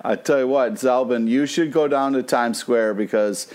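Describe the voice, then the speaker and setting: A man's voice: medium pitch, moderate pace, a little mellow. A man co-hosting a casual podcast, gushing about a TV episode with lots of "like" fillers. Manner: enthusiastic, filler-heavy, with lots of "like". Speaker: podcast co-host. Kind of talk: casual chat.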